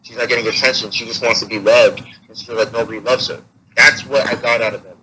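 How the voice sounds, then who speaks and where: A man's voice: medium pitch, steady tone, fast talker, bright, forceful tone. Candid man on a noisy, humming line. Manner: candid, repetitive, rising heated at points. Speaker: interview guest. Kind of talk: casual interview talk. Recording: noisy with hum.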